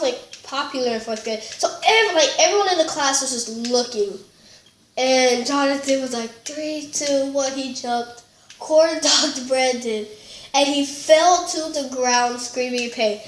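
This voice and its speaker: High-pitched rambling woman, echoey room. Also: a little hiss or hum. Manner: rambling and giggly, with many fillers and restarts. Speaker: storytelling vlogger. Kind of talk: casual storytime chat.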